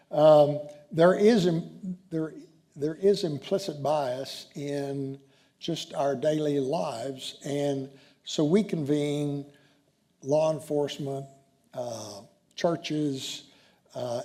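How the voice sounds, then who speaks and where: A man, a senior judge, answering questions on stage at a dinner, talking in a halting way with many ums and restarts. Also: mid-range voice, dark tone. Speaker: chief justice being interviewed. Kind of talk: onstage conversation at a dinner event. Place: hotel banquet room.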